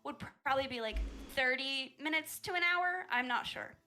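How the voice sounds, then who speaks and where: A woman as a player in a tabletop game, animated, describing her character's actions. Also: high-pitched, moderate pace. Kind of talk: tabletop role-play chat.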